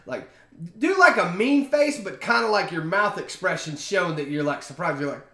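A man's voice: sits high, very animated, moderate pace, pushed and bright, echoey room. A man hosting a casual solo podcast, telling stories in a chatty, slangy way full of fillers. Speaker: podcast host.

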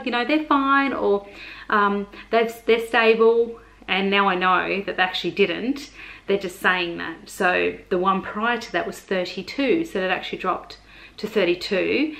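A woman's voice: medium pitch, vocal fry, fairly bright tone, low-quality recording. A young adult woman, chatting in a rambling way in a casual vlog and retelling conversations with many fillers. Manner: chatty, rambling, lots of fillers and retold dialogue. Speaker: vlogger. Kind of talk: casual pregnancy update vlog.

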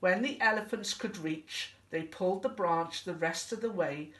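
A woman teacher reading a picture book aloud in a slow, expressive storytelling way. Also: fairly low pitch, echoey room, far from the mic.

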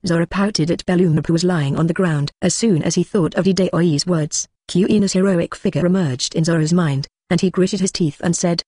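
Flat machine audiobook narrator, dry. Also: medium pitch, normal speed, few pauses, slightly rough, no echo. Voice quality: flat, mechanical reading that voices punctuation aloud. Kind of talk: scripted narration.

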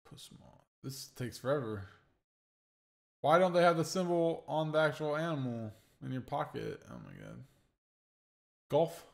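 Gravelly-voiced man muttering through a game. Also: fairly high pitch, moderate pace. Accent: Pacific Northwest American. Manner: muttering thoughts aloud, dry self-mocking asides. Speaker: game streamer. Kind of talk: casual gameplay commentary. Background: game music.

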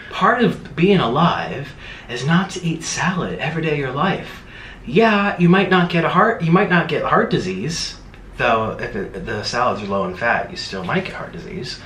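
A man's voice: on the high side, fairly bright tone, echoey room, slight background noise. Rambling man ranting to camera. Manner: rambling, emphatic, mocking impressions. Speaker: mukbang host. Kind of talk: casual rant to camera. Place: room in Bangkok.

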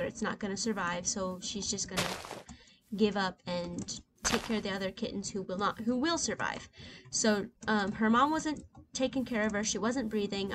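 A woman in her twenties chatting casually while playing a video game, rambling with lots of fillers. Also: medium pitch. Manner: soft and reflective; excited, loud outbursts. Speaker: gaming channel host. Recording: clear keyboard and mouse noise.

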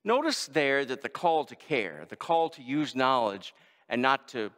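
Male pastor, mid pitch, animated delivery, sermon in a big echoing church. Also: unhurried. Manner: lively preaching with quoted voices. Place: large church sanctuary. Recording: long church reverb.

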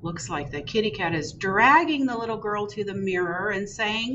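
A woman who is a children's librarian, reading a picture book aloud in an animated, sing-song way for a virtual storytime. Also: mid-range voice, normal speed. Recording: distant, dull recording with loud background hiss.

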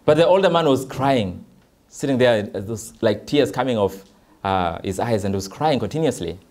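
A man's voice: mid-range voice, expressive, normal speed, a little mellow. A man, a pastor, preaching an earnest sermon at a church worship service, talking in a loose, conversational way with frequent fillers.

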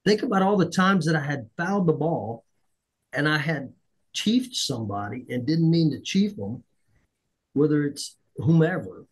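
A middle-aged man hosting a podcast, telling a story in a lively way, acting out the dialogue and poking fun at himself. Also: a little high, moderate pace, slightly rough, poor audio. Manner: animated, acts out dialogue, self-deprecating. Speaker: podcast host. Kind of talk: conversational storytelling.

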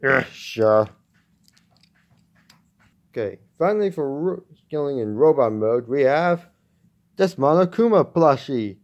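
A man casually reviewing a toy at home, talking in a halting way with many restarts. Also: medium pitch, expressive, muffled recording. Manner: halting, with frequent restarts and fillers.

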